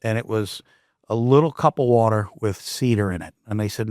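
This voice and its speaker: A man's voice: fairly low pitch, a little fast, dry recording, clean studio sound. A man hosting a podcast, telling a personal story casually and animatedly, often restarting his sentences. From Canada. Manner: animated, with frequent restarts and asides. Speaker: podcast host.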